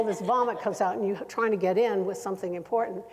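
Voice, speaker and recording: An older woman, a former broadcaster turned therapist, spins animated anecdotes for a panel audience. Her mid-pitched voice rings with long reverb in a large hall. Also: fast, few pauses. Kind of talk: panel storytelling.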